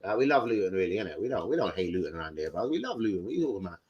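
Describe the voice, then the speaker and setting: A man's voice: sits low, big pitch swings, rapid-fire, darkish tone, slightly rough, lo-fi sound. A man hosting a casual livestream, brash and joking, full of slang and swearing. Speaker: livestream host. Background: beat music playing.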